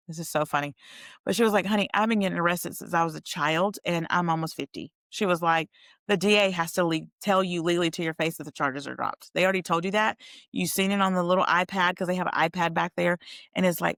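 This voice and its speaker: A young woman telling a personal story in a chatty, animated way, talking straight to her viewers. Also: fairly low pitch, vocal fry, dry recording, clean studio sound. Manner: chatty, animated, addresses viewers as you guys. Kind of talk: casual storytelling to camera.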